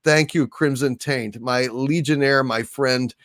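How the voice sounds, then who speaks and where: A man hosting a casual livestream, thanking viewers by name in a soft, halting way. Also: medium pitch, fairly even intonation, no echo, clean studio sound. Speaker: livestream host. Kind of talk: casual livestream chat, reading viewer donations.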